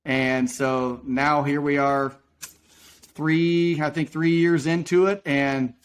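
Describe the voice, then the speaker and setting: Male podcast guest, folksy rambling storyteller, voice sits a touch high. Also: level tone, clean tone. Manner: folksy, rambling, quick to act out quotes. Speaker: podcast guest, roofing business owner. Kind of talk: casual storytelling.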